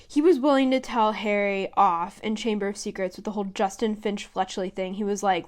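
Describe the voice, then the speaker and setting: A woman's voice: medium pitch, fairly even intonation, a little fast, hardly any pauses. A young woman co-hosting a podcast, speaking in a blunt, slangy, wry casual manner. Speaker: podcast co-host. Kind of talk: casual chat.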